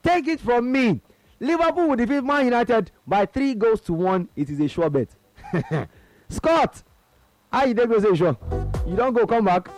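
A man's voice: very high-pitched, animated, a little mellow. A man with a Nigerian accent hosting a call-in sports radio show, upbeat and chatty. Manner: upbeat, drawn-out greetings, chatty. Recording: radio broadcast with faint music.

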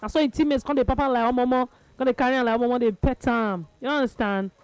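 A woman with a Nigerian accent hosting a radio chat show, telling stories in a lively, playful way. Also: a little high, fast talker, clear, resonant tone, no echo. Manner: lively, laughing, playful storytelling. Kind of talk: casual chat in Nigerian Pidgin and English.

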